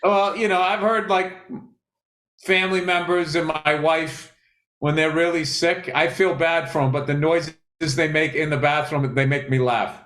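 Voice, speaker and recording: A man's voice: a little high, fairly even intonation, normal speed, a bit bright. A man co-hosting a podcast in casual chat, telling stories bluntly and swearing freely. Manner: blunt, profane, dry storytelling. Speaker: podcast co-host.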